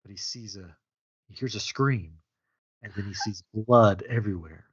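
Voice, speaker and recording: A man's voice: fairly low pitch, normal speed, breathy edge, highs cut off. A man hosting a comedy game show, telling an improvised story with lots of laughter. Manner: animated, laughing, puts on voices. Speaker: host.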